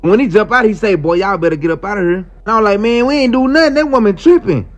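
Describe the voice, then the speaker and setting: In a muffled clip with faint music, a man with a high-pitched voice and quick pace tells a wild personal story. He's animated and slangy, acting out the quoted lines as he goes.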